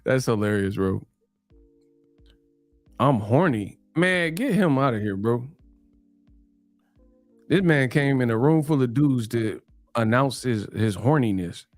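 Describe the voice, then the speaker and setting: A man's voice: medium pitch, expressive, measured pace, dry recording, faint music behind. A man from New Mexico hosting a live stream, bantering in slang, laughing often and reading donations. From New Mexico, USA.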